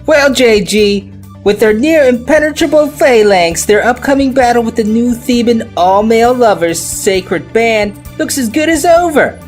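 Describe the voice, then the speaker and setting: A man's voice: extremely high pitch, lively intonation, a little slow, faint music behind, pitched above the performer's own voice. A man playing a smug male sports pundit in a mock sports broadcast, with a raised, showy voice.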